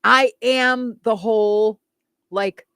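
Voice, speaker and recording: A woman co-hosting a morning radio show, chatting casually in an expressive, emotional way and laughing easily. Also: a little high, takes it slowly, smooth, no echo, clean studio sound.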